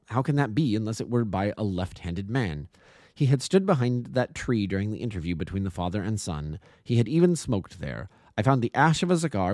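A man's voice: mid-range voice, darkish tone, no echo, clean studio sound. A man reading an audiobook, voicing a brilliant male detective who lays out his deductions in a methodical, lecturing way.

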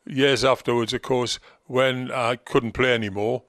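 Clean studio sound with no echo carries the mid-range, slightly bright voice of an older former football manager from Gateshead in North East England. Unhurried and fairly even in intonation, he reminisces as an interview guest, teasing and chatty, quoting people in their own voices.

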